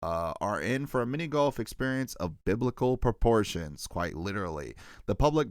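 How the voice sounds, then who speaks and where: A man's voice: fairly low pitch, moderate pace, clean tone, no room sound, clean studio sound. A man co-hosting a casual podcast, reading an article aloud with lots of laughs and asides. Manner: animated, laughs often, stumbles over names. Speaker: podcast co-host.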